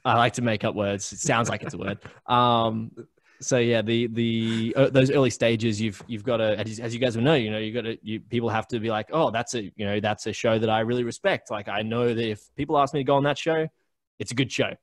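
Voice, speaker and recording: Brief: Australian podcast founder, young adult, casual interview guest, chatty, many "um"s, average pitch, dry mic. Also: male voice, steady tone, a little fast, no room sound. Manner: chatty storyteller with many fillers and restarts. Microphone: remote call recording.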